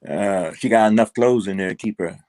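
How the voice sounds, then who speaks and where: A man's voice: fairly low pitch, a little fast, darkish tone, dry recording. An older man, a guest in a casual interview, rambling and repeating words with plenty of fillers.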